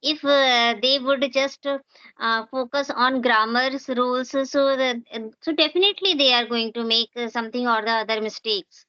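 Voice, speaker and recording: A woman English teacher explaining speaking practice in an unhurried way, pausing often with hesitant fillers. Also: high voice, steady tone, bright, forceful tone, no room sound, lo-fi sound. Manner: explanatory, with frequent hesitant pauses. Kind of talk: conversational English lesson.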